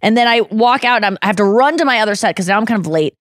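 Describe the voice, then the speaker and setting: A woman's voice: mid-range voice, very fast, no room sound. A woman hosting a podcast, telling a story in casual chat, swearing freely and acting out what people said. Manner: animated storyteller, swears freely, acts out quotes. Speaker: podcast host.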